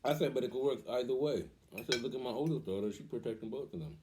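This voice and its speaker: A middle-aged man and father telling family stories in a casual, animated way, acting out the voices he quotes and laughing often. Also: mid-range voice, fast talker, noisy background. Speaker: vlogger, father. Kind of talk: casual storytelling.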